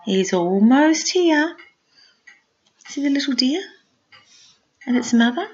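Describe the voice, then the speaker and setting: Older grandmother reading to a small child; gentle, sing-song, unhurried, higher voice. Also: expressive, dull audio. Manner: gentle, sing-song storytelling with soft asides. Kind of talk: reading a picture book aloud to a small child.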